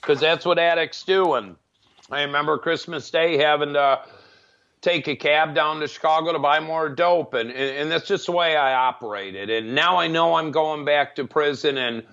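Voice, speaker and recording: A man's voice: fairly high pitch, moderate pace, fairly bright tone. A middle-aged man, a podcast guest, telling his recovery story in a candid, matter-of-fact way with frequent restarts. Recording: dull lo-fi podcast audio.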